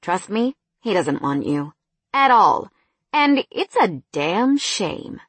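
A woman reading the part of a blunt, emphatic female friend, pitched a little higher. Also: sing-song, slow, slightly rough, dry recording, full character voice.

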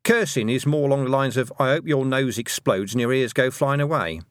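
A man voicing a skeptical adult witch woman in an audiobook, measured and slightly dismissive. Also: medium pitch, dry recording, voice pushed up, lightly acted. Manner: measured, dry, a bit dismissive. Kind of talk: audiobook character voice.

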